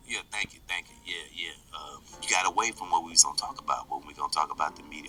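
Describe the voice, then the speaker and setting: A man hosting his channel, groggy from just waking up, talking in a quiet, hesitant, low-key way in a casual comedy chat. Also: quick pace, hardly any pauses, breathy edge, soft background music, rough recording. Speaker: channel host.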